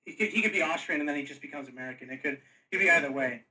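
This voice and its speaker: A man running a tabletop session in a casual, halting way that doubles back on itself. His voice is bright and a touch higher than most, caught from away from the mic. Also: recorded from a distance, poor audio. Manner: halting, restarts often. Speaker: game master. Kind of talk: casual chat.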